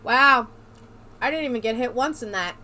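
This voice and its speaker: A woman's voice: a little high, moderate pace, bright, forceful tone. A woman hosting a let's play, joking around in casual gameplay commentary. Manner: joking, playful.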